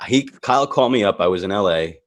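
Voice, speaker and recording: A man's voice: lowish voice, fast. A man in his forties from New York, hosting a casual chat and telling a story with lots of laughter. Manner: animated, laughs often, jumps into quoted voices. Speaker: podcast host.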